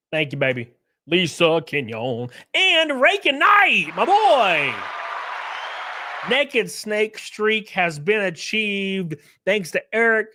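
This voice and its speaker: A man's voice: high voice, a bit bright, dry recording, clean studio sound. Effusive live-stream host, man, upbeat. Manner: effusive, rambling thanks to viewers. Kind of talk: casual live stream chat, reading a story aloud.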